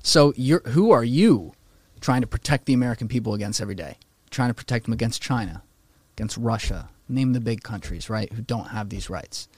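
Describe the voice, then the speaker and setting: A man with a medium-pitched voice and a breathy edge talks briskly with few pauses in a relaxed podcast chat. Opinionated and animated, he curses freely and mimics people in mocking voices; the recording is dry.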